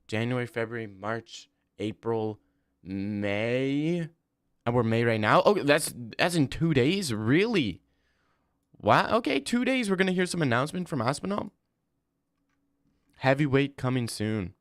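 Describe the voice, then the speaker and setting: A young livestream host with a middle-pitched voice reads through viewer comments in a very animated but unhurried way. His talk is loose, rambling and slangy, with frequent "bro"s. The sound is dry and close, with no room echo.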